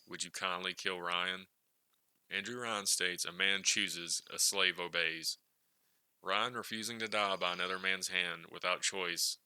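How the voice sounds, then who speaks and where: A man giving scripted narration for a video retrospective, in a steady, explanatory manner. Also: low-pitched, clean tone, dry recording, rough recording.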